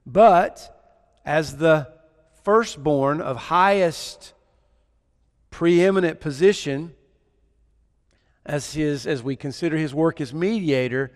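A man preaching a sermon to his congregation, with a deliberate, emphatic delivery and repeated words for stress. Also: a little high, big-room sound.

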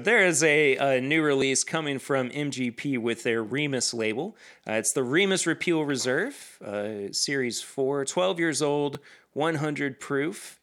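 Another podcast co-host, his mid-range voice a touch bright. The talk is casual and loose, peppered with fillers and restarts.

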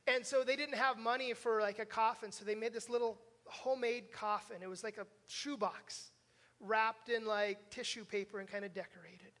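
A man's voice: high-pitched, fairly even intonation, normal speed, fairly bright tone. An older man, a pastor, preaching a conversational sermon and telling stories in an earnest manner straight to his congregation. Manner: earnest, storytelling, direct address to congregation. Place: church sanctuary. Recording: long reverb of a church hall.

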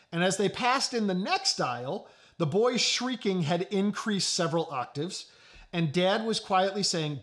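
A middle-aged man preaching a sermon. He tells a story in a conversational way and often drops to a low, quiet voice. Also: animated, normal speed. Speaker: pastor.

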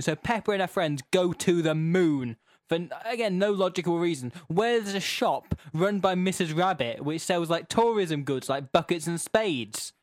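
A man's voice: a little high, dry recording, studio quality. Sarcastic man, laughing recap. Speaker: podcast co-host. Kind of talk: comedic recap chat.

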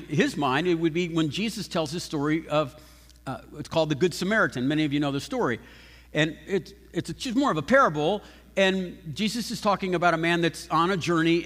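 A man preaching a sermon as pastor, animated and emphatic, often restarting his sentences. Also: sits high. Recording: long hall reverb.

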